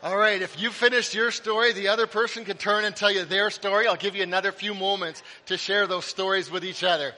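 A middle-aged man preaching a sermon in a church, telling lively stories with playful asides. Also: high voice, a little fast, few pauses. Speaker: pastor. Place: church sanctuary. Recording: long hall reverb.

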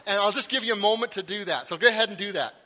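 A middle-aged man delivering a sermon with a high, bright and forceful voice. He tells stories in a lively way and makes playful asides. His voice carries a long reverb through a church hall. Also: racing. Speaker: pastor. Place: church sanctuary.

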